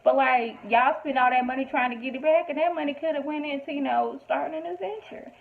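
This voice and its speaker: A woman with a high, gravelly voice talks a little fast while casually recapping and reviewing a TV episode. Her storytelling is animated and emphatic with quoted asides, and the tinny, phone-like recording carries a slight hiss or hum.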